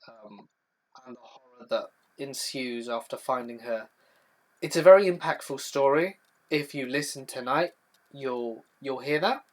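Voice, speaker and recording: A man's voice: mid-range voice, a bit bright. A young man hosting a live stream, chatty as he reads viewer questions from the chat and answers them one by one. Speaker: horror storytelling channel host.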